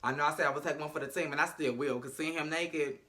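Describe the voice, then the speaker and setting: A man's voice: fairly high pitch, fairly even intonation, fast, sharp tone. A man recapping a TV episode in a casual, sassy, profane and dramatic way. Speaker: show recapper.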